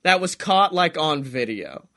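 A man's voice: fairly high pitch, very animated, measured pace, bright, forceful tone. A young man co-hosting a podcast in casual comedic chat, rambling, swearing and acting out little voices as he spins a story. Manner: rambling, swears a lot, acts out voices in quotes. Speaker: podcast co-host.

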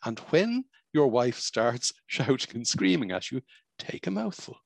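A man voicing a henpecked husband in a joke he tells, in a raised, animated storytelling voice. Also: mid-range voice, unhurried, creaky, dry recording, full character voice. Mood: aggrieved, amazed. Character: henpecked middle-aged husband, bewildered then delighted.

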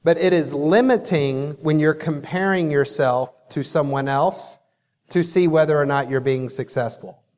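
A man, a company CEO, giving a motivational keynote speech and telling a story with lively quoted dialogue. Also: fairly high pitch, measured pace. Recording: echoey hall reverb.

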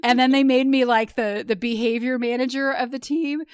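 Blunt, lively woman host, dry close mic. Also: fairly high pitch, normal speed, clean tone, dry recording. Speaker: podcast host. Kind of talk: casual chat.

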